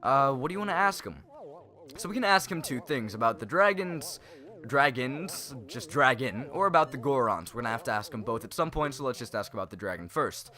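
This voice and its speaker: A man's voice: mid-range voice, animated, a little fast, bright, forceful tone, faint music behind. A young man hosting a let's play, giving rambling, self-correcting casual commentary on a video game.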